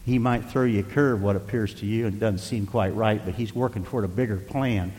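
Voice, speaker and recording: An older man preaching a folksy sermon as pastor, rising to loud emphasis and dropping to quiet asides. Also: on the low side, brisk, big-room sound. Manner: folksy, varies loudness for emphasis, occasional chuckles.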